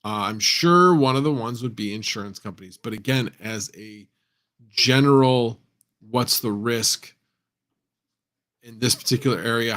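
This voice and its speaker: A man hosting a casual livestream, thinking out loud and reading viewer comments as he goes. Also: on the low side. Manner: rambling, reads chat aloud, thinks out loud. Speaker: livestream host.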